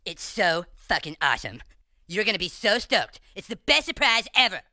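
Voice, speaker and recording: A man's voice: high voice, sing-song, moderate pace, no room sound, clean studio sound, heavily acted. An actor playing a rude, manipulative cartoon boy with a whiny, bratty manner. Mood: scheming. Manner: whiny, bratty, shouts to trick others.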